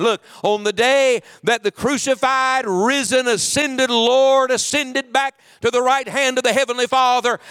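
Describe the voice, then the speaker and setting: Male pastor, high resonant voice; preaches with sweeping dynamics, drops to a hush. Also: smooth. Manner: preaching with sweeping swings in volume, dropping to near hush. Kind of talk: sermon. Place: church sanctuary.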